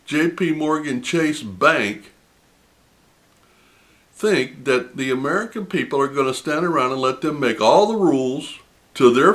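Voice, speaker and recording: A man's voice: on the high side, fairly bright tone. A man hosting a personal finance channel, telling a story to camera in an indignant, emphatic way and laughing in disbelief. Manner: indignant, retelling a phone argument with heavy emphasis.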